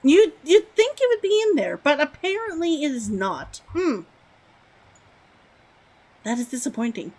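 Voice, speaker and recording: A woman's voice: sits high, very animated, a little slow, pauses often, a little mellow, poor audio. A woman streaming a game, chatting casually and musing aloud as she reads lore text from the screen.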